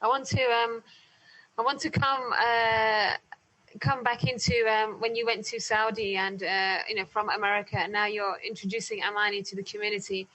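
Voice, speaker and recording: A woman's voice: medium pitch, little pitch movement, moderate pace, pushed and bright, poor audio. A woman hosting an interview, speaking casually and hesitantly with many fillers and restarts. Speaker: podcast host and interviewer.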